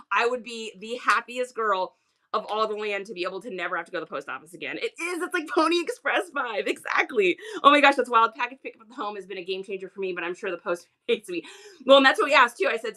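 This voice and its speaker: A woman hosting a casual reseller livestream, chatty, excitable and full of exclamations. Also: on the high side, brisk.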